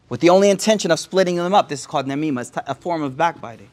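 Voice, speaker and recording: High-voiced man preaching a story. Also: rapid-fire, hardly any pauses. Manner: casual slang, Arabic quotes mixed in. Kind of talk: sermon storytelling.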